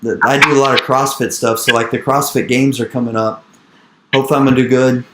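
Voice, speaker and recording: An energetic man in his thirties tells his story with drive, circling back on his own phrases and slipping into the voices of the people he quotes. His pitch sits in a middle range. The room around him rings with echo. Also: fast talker, background noise. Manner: animated, repeats phrases, acts out quoted dialogue. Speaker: real estate investor speaking to an investor group.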